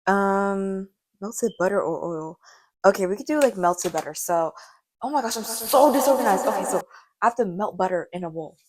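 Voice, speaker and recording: A young woman in her late teens, with a hoarse voice that sounds deep to her, chatting in a rambling, self-mocking way while she bakes for a vlog. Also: normal speed. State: hoarse from karaoke. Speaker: vlogger. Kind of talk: casual baking vlog chat.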